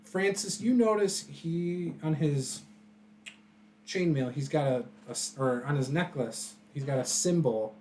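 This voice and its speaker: A game master narrates a tabletop game at an easy, slow pace. The speech is relaxed and full of small fillers. Faint room noise runs underneath. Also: mid-range voice. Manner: relaxed, laughing, frequent fillers.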